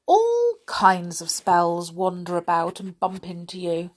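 A woman's voice: on the low side, huge pitch swings, slow, full character voice. A woman reading as a kindly storybook witch. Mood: explaining. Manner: gently reassuring, explaining patiently. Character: kindly female witch guide, calm, reassuring.

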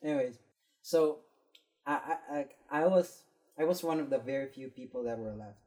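A young woman with a low, mellow voice tells a story to friends in casual chat. She swears freely and acts out the lines of the people in it. Her tone stays dark and relaxed. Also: moderate pace.

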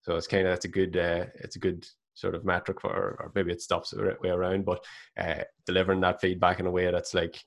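A man speaking as a coach who is a guest on a casual podcast, talking in a measured, reflective way with many filler "like"s. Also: low voice, flat delivery, gravelly.

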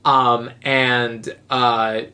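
A woman's voice: rumbling low, flat delivery, drawn-out words, sharp tone. Rambling woman recapping a movie. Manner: rambling, acts out characters' lines. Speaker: podcast co-host. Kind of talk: casual movie recap chat.

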